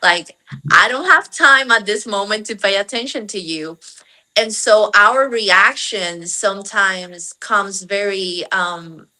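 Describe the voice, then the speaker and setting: A woman speaks slowly, with a bright, sharp tone. She tells a story from her family life in a casual way, and she laughs easily as she talks. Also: medium pitch, poor audio. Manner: laughs often, tells personal anecdotes. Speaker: guest. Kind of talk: casual chat.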